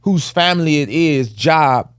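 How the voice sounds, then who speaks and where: A man's voice: a little high, expressive, measured pace, clean tone, no echo, clean studio sound. A man in his forties, a podcast co-host, telling a personal family story in casual with earnest emphasis. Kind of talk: candid conversational storytelling.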